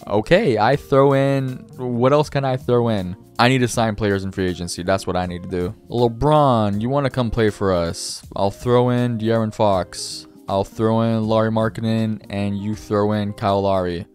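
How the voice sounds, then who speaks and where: A man's voice: fairly low pitch, fairly even intonation, moderate pace, few pauses, darkish tone. A young man giving casual, chatty gameplay commentary, talking to the game and his viewers with self-mocking remarks. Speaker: gaming YouTuber. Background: faint background music.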